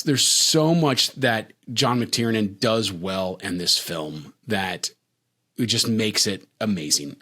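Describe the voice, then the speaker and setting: A man's voice: fairly low pitch, fairly bright tone, breathy edge. A man co-hosting a film podcast, gushing animatedly about a favorite movie with many fillers. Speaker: podcast co-host. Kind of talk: casual film chat.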